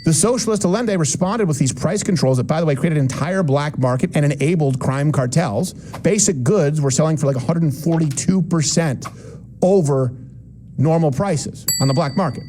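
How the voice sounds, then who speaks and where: A man hosting a commentary show, delivering an opinionated monologue with sarcastic, emphatic swings between loud and low. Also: moderate pace, slight background noise.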